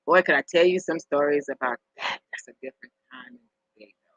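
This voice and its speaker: A woman's voice: sits low, brisk, fairly bright tone, no room sound. A middle-aged woman hosting a live stream, chatting casually and rambling through stories with chuckles and repeats. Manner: rambling storyteller, chuckles often, repeats herself. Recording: dull lo-fi sound.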